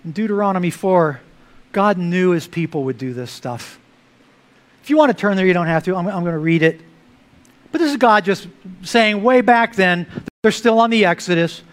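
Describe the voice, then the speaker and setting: High-voiced preaching man. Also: expressive, normal speed. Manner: preaching with sharp swings between loud emphasis and hushed asides. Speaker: pastor. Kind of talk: sermon.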